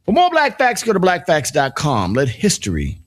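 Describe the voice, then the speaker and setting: A man's voice: a little high, huge pitch swings, moderate pace, noisy background. A middle-aged man hosting a morning show in casual banter, rambling and joking with many restarts and asides. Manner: playful, joking.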